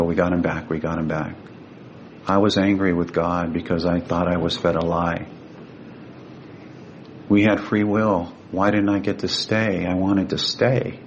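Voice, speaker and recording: A man with a gravelly voice, a guest telling a personal story in an earnest, vivid way. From Sacramento, California. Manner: earnest, vivid, emotional retelling. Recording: dull lo-fi with faint rumble.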